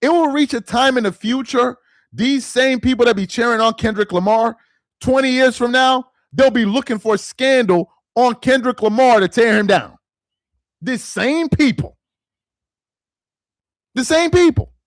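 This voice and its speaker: A sports commentary channel host rants to camera in a very high-pitched, exasperated voice at a moderate pace, hammering the same phrases repeatedly for emphasis. There's no room sound.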